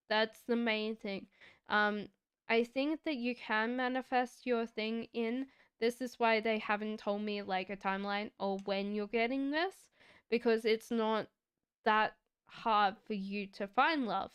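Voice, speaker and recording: A woman reads tarot cards on a live stream, taking her time over each card in a reflective, chatty way. Her voice is very clear and a little high. The sound is dry and close, with no room echo. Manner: slow, reflective, chatty with giggles. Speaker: tarot reader.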